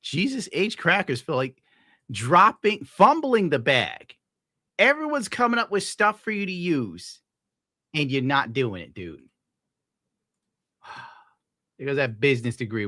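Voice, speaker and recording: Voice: medium pitch, big pitch swings, a little slow, long pauses, sharp tone, dry recording, studio quality. A streamer giving casual, profane, mocking commentary while reacting to clips.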